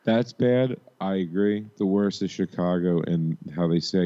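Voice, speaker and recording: Male podcast host, lowish voice, halting casual chat, lo-fi sound. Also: mellow. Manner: rambling, halting banter.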